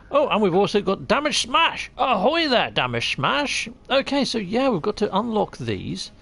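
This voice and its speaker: High-pitched and fairly bright, with a touch of vocal fry, this gaming livestream host welcomes his chat theatrically and cheerfully. His talk blends live play-by-play, viewer shout-outs, and casual asides.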